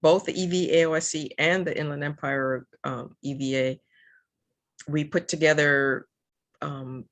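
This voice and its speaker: A low-pitched, creaky, slightly bright voice belongs to an older woman from Southern California, interviewed casually as an EV advocate. She talks earnestly, stumbling through many fillers and restarts.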